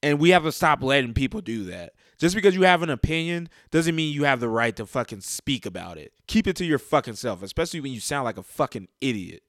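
A man's voice: medium pitch, big pitch swings, fast, few pauses, a bit bright, no room sound, studio quality. Profane exasperated man ranting. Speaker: sports fan commentator. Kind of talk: heated casual rant.

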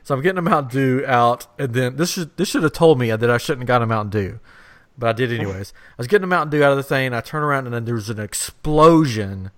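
Man, thirties, podcast co-host, rambling funny story, chuckles often, mid-pitched voice. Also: animated, fast. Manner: rambling, laughing anecdote teller. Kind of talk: casual storytelling chat.

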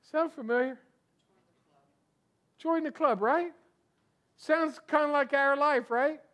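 A male pastor gives a casual, talky sermon, throwing out rhetorical questions and stumbling over repeated words. His voice sits fairly high for a man. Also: slow pace, a bit bright.

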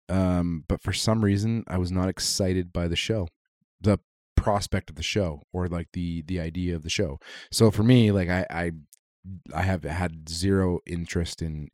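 A man with a very low voice co-hosting a casual podcast. He is blunt and profane in his banter, and the sound is dry and close. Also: normal speed, a little mellow, dry recording. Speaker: podcast co-host. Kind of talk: casual chat.

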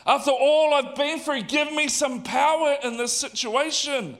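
An exasperated apostle, acted out by a preacher in a sermon, who pleads with God and lists his grievances in a raised, indignant voice. The voice sits high. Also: sing-song, slow, pushed and bright, exaggerated voice.

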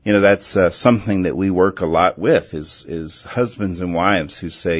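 A man hosting a Christian call-in radio show, talking earnestly and gently and often restarting his words. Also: sits low, moderate pace, few pauses, lo-fi sound. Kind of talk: faith-based call-in radio talk.

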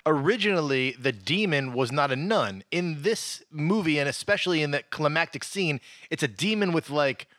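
A man's voice: on the high side, expressive, moderate pace, hardly any pauses, a bit bright, dry recording, clean studio sound. A man co-hosting a casual podcast about horror films, wry and jokey. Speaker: podcast co-host. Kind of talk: casual film discussion.

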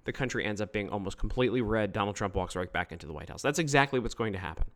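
A man giving opinionated solo political commentary, emphatic and quick to mock others. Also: fairly low pitch. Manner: emphatic, animated, mocking quoted voices.

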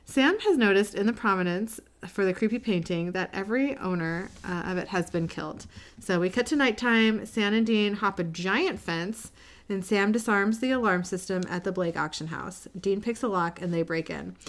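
Laughing woman recapping a show. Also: mid-range voice. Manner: lively, laughing, quotes characters in quick asides. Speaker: podcast co-host recapping a TV episode. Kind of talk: casual chat, recapping.

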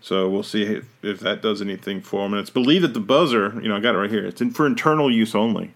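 A man's voice: lowish voice, quick pace. A man hosting a podcast in casual chat, rambling and often correcting himself mid-sentence. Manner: rambling, self-correcting, trails off. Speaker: podcast host.

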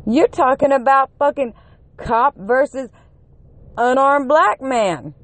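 A woman giving an angry, profanity-filled rant to her camera, running on one hour of sleep and climbing to shouts when her temper peaks. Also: high voice, slow, no echo. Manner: heated, swearing constantly, rising to shouts. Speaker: vlogger.

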